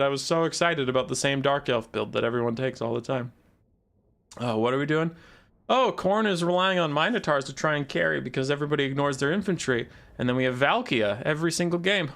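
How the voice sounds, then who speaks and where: His voice fairly high, quick and a bit bright, the young man rambles sarcastically and loosely as he casts a strategy game in casual live stream commentary.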